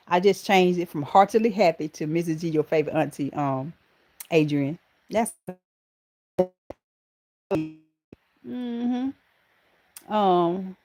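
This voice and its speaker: A middle-aged woman with a Southern American drawl hosts a casual live stream and chats with her viewers. Her voice sits a little low and she talks in a folksy, affectionate way, calling people honey and baby. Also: lively intonation, unhurried, pauses often, a little mellow. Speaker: channel host.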